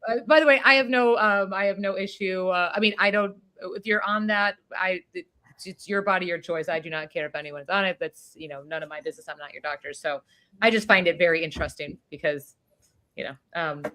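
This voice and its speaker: A woman's voice: on the low side, a little fast, bright, forceful tone. Rambling chatty podcast woman. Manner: chatty, filler-heavy, rambling. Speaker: podcast co-host. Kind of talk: casual chat.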